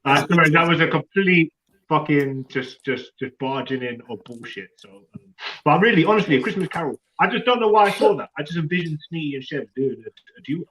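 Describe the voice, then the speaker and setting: A man's voice: a little high, animated, a little fast, a bit bright, a little hiss or hum, poor audio. A man on a live panel who rambles dramatically, then apologizes for barging in. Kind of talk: casual banter on a live panel.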